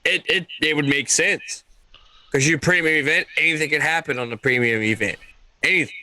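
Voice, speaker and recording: A man co-hosts a casual wrestling podcast, talking in an emphatic, animated way and swearing often. His voice sits a bit high for a man and sounds forceful and bright. He leans hard on his strongest words. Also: fairly quick, no room sound. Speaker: podcast co-host. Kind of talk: casual chat about wrestling.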